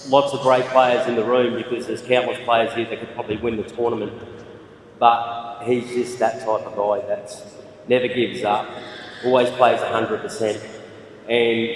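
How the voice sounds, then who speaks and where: A middle-aged Australian man giving an impromptu acceptance speech, halting and rambling with many restarts. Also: mid-range voice, a little hiss or hum. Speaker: eight ball player giving a speech. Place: large function hall. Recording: echoey hall, distant mic.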